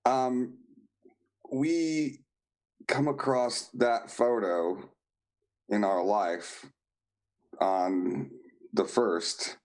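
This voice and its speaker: A man speaks haltingly on a live online show, full of ums and restarts. His voice is deep. His pace is unhurried. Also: a little mellow, low-quality recording. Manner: halting, with many fillers. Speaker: guest. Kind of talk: casual live-stream chat.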